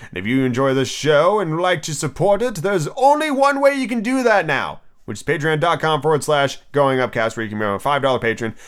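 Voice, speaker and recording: A man hosting his own podcast and reading a storybook aloud, upbeat and animated. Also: fairly high pitch, fairly quick, hardly any pauses, clean tone. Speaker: podcast host and reader.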